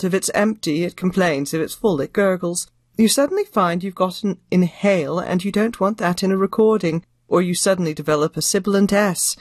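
An older woman who narrates audiobooks answers an interviewer's questions. She speaks with crisp, theatrical phrasing. The recording is dry, with no room sound. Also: on the low side, no echo.

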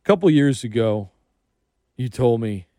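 A middle-aged male radio host with a mid-range, expressive voice and a dark tone speaks at a measured pace during a casual sports interview in a radio studio. He tells stories in a chatty way and acts out the people he quotes. The studio mic gives a dry, studio-quality recording.

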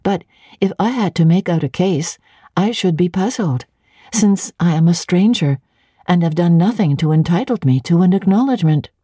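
A woman reading an audiobook, voicing a reserved young governess who answers in a measured, polite manner. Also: fairly low pitch, animated, warm tone, breathy edge, no room sound, clean studio sound. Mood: composed.

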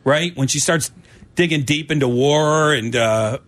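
A man's voice: on the high side, a little slow. A man co-hosting a sports talk radio show with playful, laughing banter. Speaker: radio co-host.

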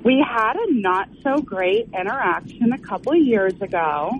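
A woman's voice: medium pitch, big pitch swings, moderate pace, a little hiss or hum. A woman calling into a radio show, giving hesitant, thoughtful answers over the phone. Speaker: caller. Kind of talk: phone-in tarot reading. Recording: tinny phone line.

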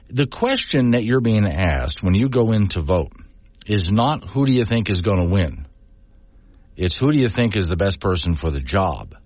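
A man's voice: on the low side, breathy edge, no room sound. A middle-aged man hosting a call-in talk radio show, talking in an emphatic, conversational way with rambling asides. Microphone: studio microphone.

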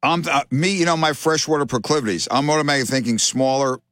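A man hosting a fishing radio show, excitable and joking, with playful slang and frequent laughs. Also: mid-range voice, quick pace.

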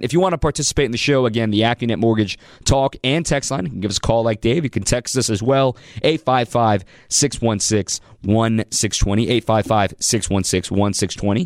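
A man's voice: mid-range voice, no room sound. A man hosting a sports talk radio show, talking energetically and taking calls in a studio. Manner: energetic, conversational, reads out phone numbers. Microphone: studio microphone.

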